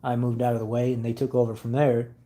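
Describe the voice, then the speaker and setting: A man's voice: mid-range voice, little pitch movement, fast, dark tone, low-quality recording. A man hosting a car channel, chatting casually with viewers and telling stories earnestly, hesitating often with many fillers. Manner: earnest storytelling.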